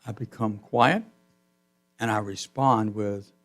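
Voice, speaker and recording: A man pastor giving a sermon in a church, telling a story with his voice swelling loud and then dropping to a hush. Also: medium pitch, animated, normal speed, long pauses. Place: church sanctuary.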